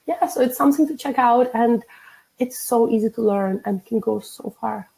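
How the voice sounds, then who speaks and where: Gravelly-voiced woman explaining tapping points. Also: fairly high pitch, moderate pace, warm tone, low-quality recording. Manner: instructive, walks through tapping points step by step. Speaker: EFT tapping practitioner. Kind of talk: guest demonstrating a technique.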